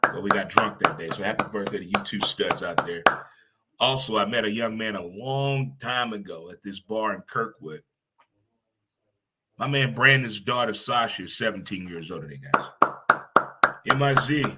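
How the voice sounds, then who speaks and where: A middle-aged man hosting a casual talk show, animated and quick to laugh, swearing casually. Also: lowish voice, heavy background noise. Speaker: show host.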